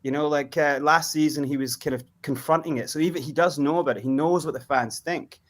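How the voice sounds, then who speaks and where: A man talking as a fan guest on a video call, casual and energetic, laughing often. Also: a little high, a little fast. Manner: laughing, energetic, breaks into loud chant-singing. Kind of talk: casual chat.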